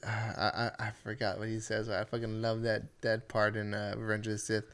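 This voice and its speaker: A man's voice: lowish voice, completely flat delivery, fairly quick, a bit bright, smooth. A man co-hosting a casual podcast, rambling, swearing and trailing off as he searches for his words. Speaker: podcast co-host. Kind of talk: casual chat.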